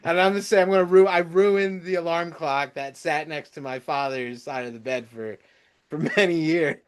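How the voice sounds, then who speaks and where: A man co-hosting a podcast, telling a family story with frequent laughter and halting restarts. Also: fairly high pitch, smooth. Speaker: podcast co-host, son. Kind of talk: casual storytelling chat.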